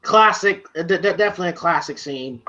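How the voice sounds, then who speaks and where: A man's voice: fairly high pitch, fast talker, bright, forceful tone. A man reviewing a movie in casual chat, rambling and full of filler words. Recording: dull lo-fi sound.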